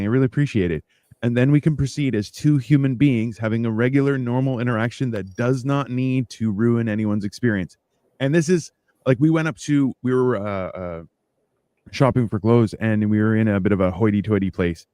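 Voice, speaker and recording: Uomo che racconta con vivacità. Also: male voice, a little fast, no echo, clean studio sound. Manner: animated storyteller, acts out exchanges in a higher voice. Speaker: podcast host. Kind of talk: casual chat.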